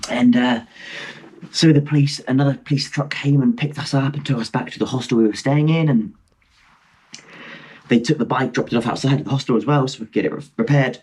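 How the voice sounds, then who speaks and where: A man in his twenties from Britain, a podcast guest rambling excitedly through travel anecdotes with frequent laughter over a video call. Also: mid-range voice, fairly quick, slightly rough. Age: 20s. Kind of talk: casual storytelling chat.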